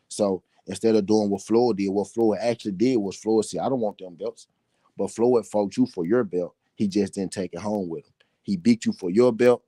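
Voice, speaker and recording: A man's voice: lowish voice, warm tone, no room sound. A man with a Southern US accent hosting a solo boxing talk show, ranting bluntly and profanely, repeating his points for emphasis. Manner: blunt, repetitive, heated and profane.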